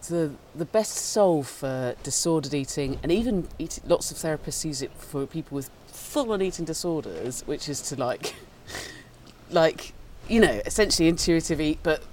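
Lively, playful podcast host. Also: mid-range voice, normal speed, a little hiss or hum. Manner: playful, animated, swears and laughs. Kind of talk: casual chat.

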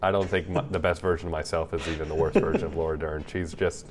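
A man's voice: a bass voice, little pitch movement, fast talker, a little hiss or hum. A man co-hosting a podcast in casual chat, with dry, teasing banter. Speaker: podcast co-host.

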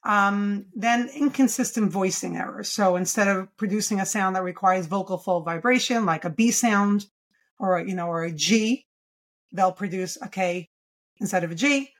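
A woman's voice: medium pitch, normal speed. A woman in her forties, a children's speech therapist, explaining speech errors in a podcast interview and saying sample sounds aloud. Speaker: pediatric speech-language pathologist.

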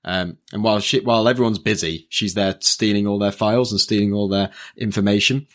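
Hesitant low-voiced man recapping a show. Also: steady tone, a little fast. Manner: rambling, hesitant, many fillers and restarts. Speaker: podcast co-host. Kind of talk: casual chat recapping an anime.

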